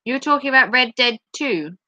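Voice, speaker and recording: A woman's voice: high voice, animated, moderate pace, pushed and bright, dry recording. A woman hosting a live stream, reading out viewer comments in a giggly, playful chat. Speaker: livestream host.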